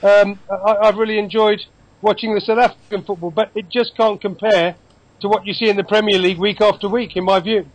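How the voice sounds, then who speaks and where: A man in his fifties from England, chatting about football over a video call, opinionated and quick with asides. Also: high voice, little pitch movement, no room sound, rough recording. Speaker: football commentator guest.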